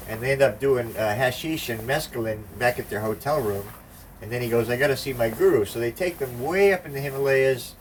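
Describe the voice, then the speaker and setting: A fairly quick, mid-range voice belongs to an older man casually telling a rambling anecdote laced with profanity, playing out the voices of the people in it. He's recorded from a distance, with faint background noise.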